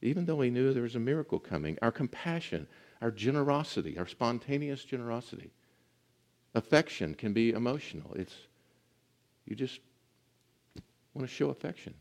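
Man, pastor, sermon, earnest, emphatic, slow stresses, soft drops. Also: medium pitch, very animated.

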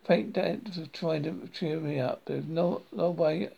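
A man voicing a grumpy, loud middle-aged mother who shouts and swears. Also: a little high, fairly even intonation, measured pace, creaky, slightly rough, exaggerated voice. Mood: indignant. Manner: shouting and cross.

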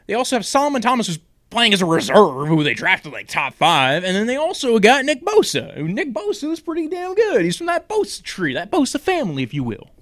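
A man's voice: sits high, huge pitch swings, fairly quick, few pauses, a bit bright, no echo, studio quality. A young man hosting a casual fantasy football talk show, rambling and jokey with lots of fillers and tangents. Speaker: sports podcast host.

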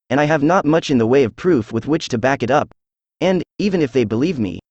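A man's voice: mid-range voice, darkish tone, no echo. A pale, shaken young engineer in his twenties speaks in a formal, earnest way, as voiced by a computer-generated male narrator. The voice sits in the middle range and sounds dry and close to the mic. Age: 20s.

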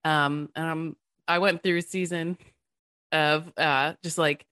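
A woman in her thirties speaks as a podcast guest in casual conversation, earnest and animated, with an easy laugh. Her voice sits a little low for a woman. The recording is close and dry. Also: takes it slowly, clear, resonant tone, no room sound.

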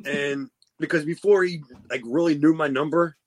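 A man's voice: a little high, steady tone, moderate pace. A man co-hosting a casual chat show, telling stories, laughing and cursing freely. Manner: storytelling, swears freely, laughs often. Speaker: podcast co-host.

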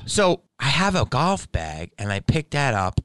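A man hosting a podcast, telling a story in an animated, profane way and acting out both sides of a quarrel. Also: mid-range voice, unhurried, no room sound. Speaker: podcast host. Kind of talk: comedic storytelling.

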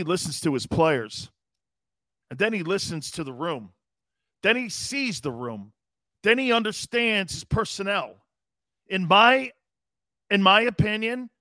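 A man's voice: sits high, pushed and bright, dry recording. A man hosting a sports talk show, riffing casually, reading comments aloud and laughing often. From East Coast US. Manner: brash, jokey, reads chat comments aloud and laughs often.

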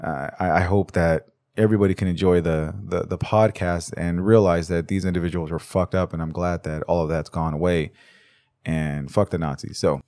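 A man hosts a true-crime podcast in a casual, rambling way, swearing often and stammering through restarts. His voice sits a little low. The sound is dry and close to the mic. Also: steady tone, normal speed, mellow, dry recording. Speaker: podcast host.

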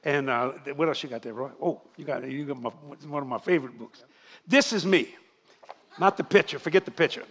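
Joking older preacher with a drawl. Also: male voice, on the high side, fairly quick. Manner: joking, laughing, lively preaching to a crowd. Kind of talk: church sermon.

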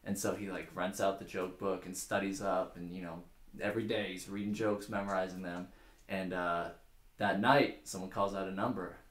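A man's voice: low voice, level tone, normal speed. A young man hosting a podcast, chatting casually and telling a long joke in a loose, swearing way. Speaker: podcast host. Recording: echoey room.

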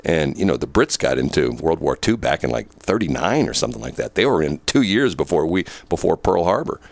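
A man's voice: very deep voice, big pitch swings, brisk, creaky, no echo. An older man hosting a radio show, telling stories in boisterous, casual banter from a studio microphone. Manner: storytelling, boisterous, repeats words.

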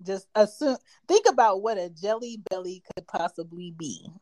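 Loud-mouthed woman hosting a late-night podcast, cussing and teasing her cohost, dry close sound. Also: medium pitch, animated, normal speed, dry recording. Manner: brash, profane, teasing. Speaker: podcast co-host. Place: home desk.

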